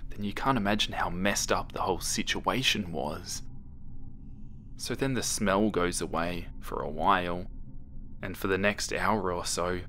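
A man narrating a creepypasta horror story in a slow, hushed manner that sometimes drops to a whisper. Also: low voice.

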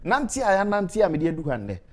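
Man pitching a product on a talk show, a bit higher voice, talks persuasively, spells out numbers slow. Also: huge pitch swings, darkish tone. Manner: persuasive, repeats phone numbers slowly. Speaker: guest promoting a health product. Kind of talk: casual talk-show chat, mixing Twi and English.

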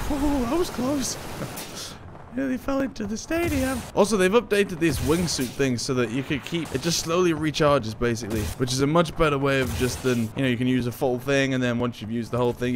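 A man giving excitable, jokey let's play commentary and talking back to game characters. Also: medium pitch, a little fast. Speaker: gaming YouTuber. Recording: game sound effects and vehicle noise behind.

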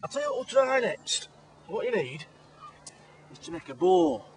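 A man's voice: high voice, sing-song, moderate pace, slight background noise, low-quality recording. An actor playing a blustering, hapless male jungle survival expert, explaining steps in a mock-instructive way and swearing when things fail. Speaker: survival specialist in a comedy sketch. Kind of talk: mock survival-show presentation.

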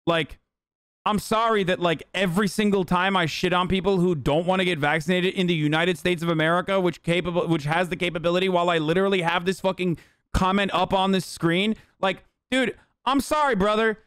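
A man's voice: high voice, fairly even intonation, a little fast, a bit bright, clear, resonant tone, dry recording, studio quality. A man streaming live, ranting at a chat comment in a heated, profane, exasperated way. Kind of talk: livestream rant reacting to chat.

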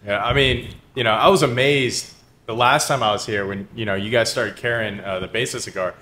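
A man co-hosting a podcast from a cigar lounge, talking in a relaxed, chatty way with loose restarts. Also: on the low side, fairly quick, a little hiss or hum. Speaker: podcast co-host. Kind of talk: casual podcast chat.

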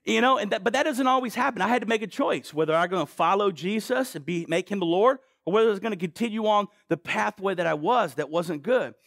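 A middle-aged man delivers a sermon in a high voice with a gravelly edge. He talks to the congregation in a conversational way and keeps putting questions to them. The sound is close and dry, with almost no room echo. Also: expressive, fairly bright tone. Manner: conversational, asks the crowd questions, quick asides. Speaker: preacher.

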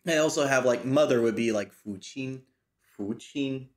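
A man talking casually through a study session, slowly repeating phrases aloud and thinking as he goes. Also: mid-range voice. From United States. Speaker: language learner teaching himself.

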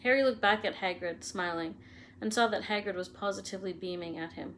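A woman telling a children's story, reading aloud in a steady, expressive narrating voice. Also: medium pitch, fairly quick, a little hiss or hum.

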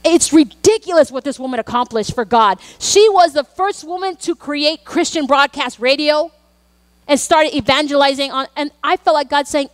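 A woman's voice: sits high, moderate pace, no room sound. A woman pastor, preaching a sermon in earnest, personal storytelling with emphatic asides. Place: church.

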